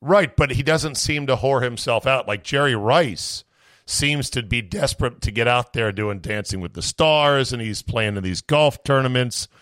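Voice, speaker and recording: A man hosting a sports talk show, blunt and quick with questions. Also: mid-range voice, a bit bright, no room sound.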